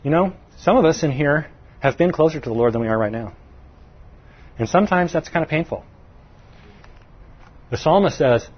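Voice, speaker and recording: A middle-aged man preaches in a folksy, chatty way with a husky, slightly raised voice. He keeps asking the audience questions and pushes his pitch up to stress each point. The recording is dull and muffled. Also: expressive, brisk, long pauses. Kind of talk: conversational sermon.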